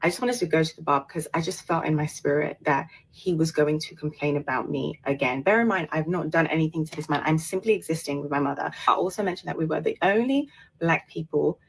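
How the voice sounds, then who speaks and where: A woman's voice: deep voice, fast, slight background noise, low-quality recording. A British woman telling a personal story to camera in an earnest, detailed way.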